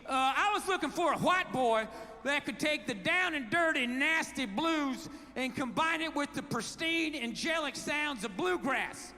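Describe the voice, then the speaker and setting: A man's voice: very high-pitched, lively intonation, unhurried, bright, forceful tone, in a large hall, heavily acted. A man voicing a very old, folksy man who talks hesitantly and drawls. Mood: drawling.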